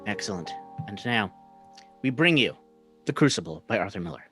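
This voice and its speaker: A man's voice: on the low side, very animated, moderate pace, over music. A man hosting a live comedy show from home over a video call, announcing in a pompous, theatrical way. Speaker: host.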